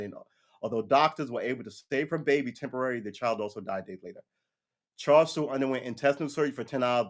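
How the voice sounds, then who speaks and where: A man giving a casual, opinionated live-stream monologue on current events, rambling and swearing as he goes. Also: mid-range voice. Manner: rambling, profane, mocks others with put-on voices. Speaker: live-stream political commentator.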